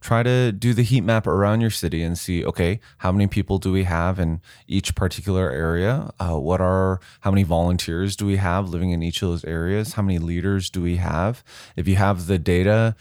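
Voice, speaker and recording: A man's voice: low-pitched, steady tone, a little fast, a little mellow, dry recording, studio quality. A man co-hosting a ministry podcast, playful and asking questions, then explaining step by step. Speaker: podcast co-host. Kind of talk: casual podcast chat.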